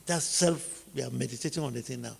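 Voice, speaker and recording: A man with a Nigerian accent teaches on family life in sermon style, speaking fast in a medium-pitched, creaky, slightly rough voice that echoes as if in a big room. He hammers his points home with rhetorical questions and repeated phrases.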